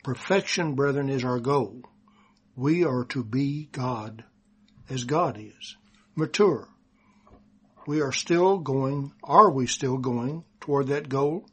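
Texan male preacher, unhurried, deliberate scripture reading, husky delivery. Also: mid-range voice, a bit bright. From Texas. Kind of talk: sermon.

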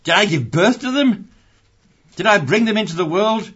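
A man voicing a weary old male prophet, pleading in high, rising exasperation as he reads scripture aloud. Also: lively intonation, normal speed, a bit bright, husky, heavily acted. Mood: exasperated pleading. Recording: dull lo-fi recording.

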